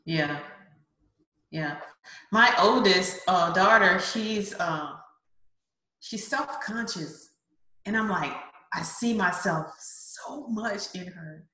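Slow-talking bright woman in an echoey room. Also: on the low side. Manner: unhurried, encouraging, frequent agreeing "yeah"s. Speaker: mother. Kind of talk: casual chat.

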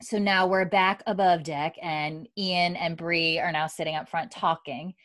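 Woman co-host, chatty recap, lowish voice, dry close sound. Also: steady tone, unhurried, a bit bright, no echo. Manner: chatty storytelling, many likes and you-knows. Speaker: podcast co-host recapping a show. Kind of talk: casual chat.

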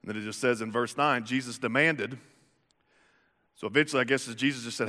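Animated preacher in a big hall. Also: male voice, medium pitch, fairly quick. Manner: animated, jokey, expressive. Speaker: pastor. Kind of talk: sermon. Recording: echoey hall reverb.

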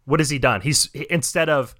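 A man's voice: a little high, normal speed, bright, forceful tone. A young man hosting a podcast, ranting in heated, profane casual chat. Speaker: podcast host.

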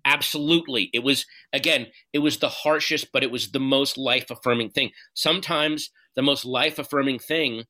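A man with a bright, forceful voice speaks candidly as an interview guest. He talks in halting bursts, restarting his sentences and swearing as he works through his thoughts. His pitch sits in an ordinary middle range. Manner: earnest, halting, profane, animated retelling.

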